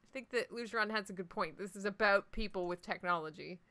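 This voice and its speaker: A woman livestreaming a game, talking in a loose, jokey way and answering her chat. Her voice is bright and pointed, with a middling pitch for a woman. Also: fast talker. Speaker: livestream host. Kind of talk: casual let's-play chat with live viewers.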